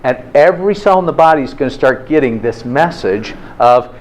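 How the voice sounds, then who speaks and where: A man's voice: medium pitch, expressive, fairly quick, lo-fi sound. A man teaching a health class in an informal, interactive way, often checking in with "okay?". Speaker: health instructor.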